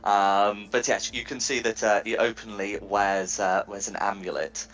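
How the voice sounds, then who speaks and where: Low-voiced man narrating as game master. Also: fairly even intonation, moderate pace, a bit bright. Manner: hesitant, many fillers.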